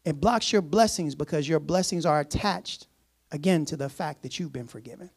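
A man preaching a sermon in a casual, conversational way, repeating phrases and chuckling softly. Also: fairly high pitch, moderate pace, creaky.

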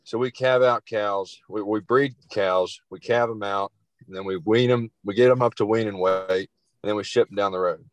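A young man, a cattle farmer guest, answering interview questions in a halting way with many restarts. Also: on the low side, fairly even intonation, no echo, rough recording.

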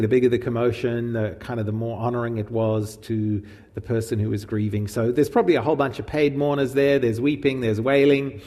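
In a large hall, a male preacher with a mid-range voice gives an informal, conversational Gospel teaching. He is animated and frequently asks his audience questions.

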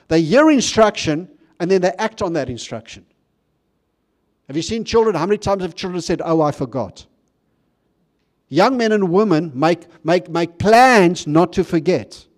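A man's voice: high voice, lively intonation, normal speed. A man preaching a sermon in a conversational way, with frequent restarts and questions to the congregation. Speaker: pastor.

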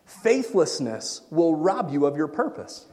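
A married pastor preaching a sermon to his church, swinging from quiet asides to shouted excitement and laughing at his own jokes. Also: on the high side, a little slow. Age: adult, married. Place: church sanctuary. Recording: long reverb in a church hall.

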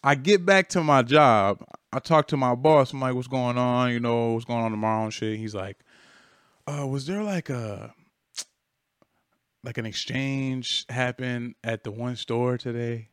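A man's voice: medium pitch, unhurried, smooth, dry recording, studio quality. A young man casually telling a long work story on a podcast, laid-back and slangy with plenty of swearing. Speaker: podcast co-host.

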